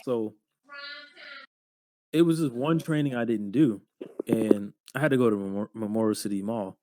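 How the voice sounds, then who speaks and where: A young man in his twenties, co-hosting a podcast, telling job stories in a casual, profane, animated way full of slang. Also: on the low side, moderate pace, dry recording. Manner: slangy, profane, animated retelling with lots of "bro". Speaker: podcast co-host. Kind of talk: casual storytelling chat.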